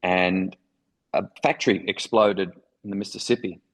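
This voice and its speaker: Here the same kind of speaker, a middle-aged Australian ex-foreign correspondent, eagerly shares vivid stories in an interview. His voice is low and fairly bright, level in intonation and at normal speed, though the audio is poor.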